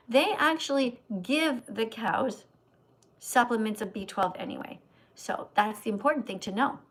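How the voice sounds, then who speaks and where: A woman's voice: on the high side, low-quality recording. A woman hosting a livestream, answering viewer questions with a preachy, scolding, teacher-like manner. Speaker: vegan livestream host.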